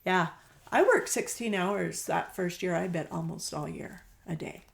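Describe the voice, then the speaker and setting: A middle-aged woman is a guest on a relaxed interview podcast, rambling warmly through stories about her shop. Her voice sits a little low and has a strong gravelly fry. She slips into the voices of the people in her stories and laughs easily. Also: a little slow. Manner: chatty storyteller, acts out quoted dialogue, laughs easily. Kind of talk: casual conversational interview.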